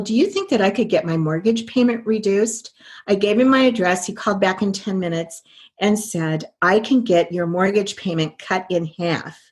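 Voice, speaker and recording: Interview guest, older woman, earnest and reflective storyteller, mid-pitched voice. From American Midwest. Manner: earnest, reflective, speeds up when recalling inner dialogue.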